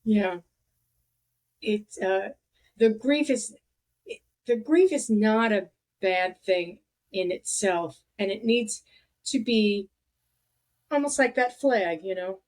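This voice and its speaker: A woman hosting a podcast, talking in a reflective, halting way with many restarts. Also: mid-range voice, lively intonation, darkish tone. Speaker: podcast host. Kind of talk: casual conversation.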